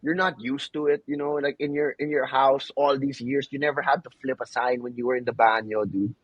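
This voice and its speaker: Husky young man telling stories, laughing. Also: mid-range voice, flat delivery, fairly quick, no echo, lo-fi sound. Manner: laughing storyteller mixing English and Tagalog slang. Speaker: podcast co-host. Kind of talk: casual chat.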